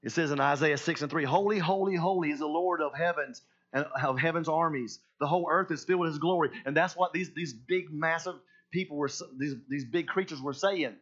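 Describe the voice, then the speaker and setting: A pastor preaching a sermon in an emphatic way, swinging between hushed and loud. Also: male voice, a little high, brisk, hardly any pauses, muffled recording.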